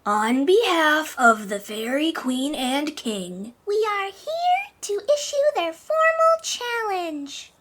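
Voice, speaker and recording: A woman's voice: high voice, big pitch swings, slow pace, a bit bright, heavily acted. A woman voicing a small, nervous fairy messenger who keeps apologizing and stumbles over her formal lines in a fantasy audio drama.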